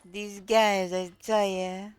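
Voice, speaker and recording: Giggly slow-talking New woman streamer. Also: mid-range voice, flat delivery, clean tone. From New York. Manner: giggly, laughs often between short remarks. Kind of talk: casual live-stream chat.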